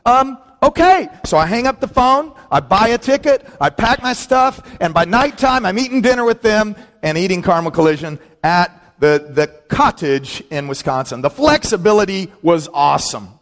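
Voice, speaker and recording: A man's voice: moderate pace, few pauses. A middle-aged man, a pastor, telling humorous personal stories in a sermon and acting out friends' voices. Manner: storytelling, animated, acts out quoted friends in a higher voice. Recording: long reverb of a large hall.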